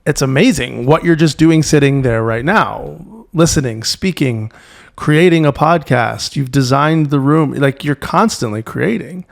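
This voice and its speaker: A man guest on an interview podcast, speaking reflectively and halting often to search for words. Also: mid-range voice, vocal fry. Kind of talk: reflective conversation.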